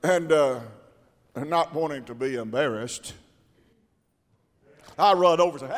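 A man preaching a storytelling sermon, animated and repeating his words, often rising into loud shouted quotes. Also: a little high, a little slow, pauses often. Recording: long hall reverb.

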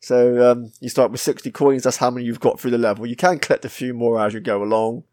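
A man's voice: medium pitch, fairly even intonation, quick pace, a little mellow. A man with a British accent hosting a casual podcast, chatting about a retro game, swearing freely and laughing at himself. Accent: British English. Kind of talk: casual chat.

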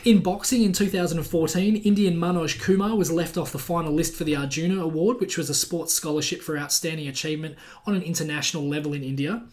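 A man's voice: fairly high pitch, steady tone, fast talker, few pauses. A man co-hosting a casual sports podcast, telling stories animatedly and laughing as he goes. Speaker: podcast co-host.

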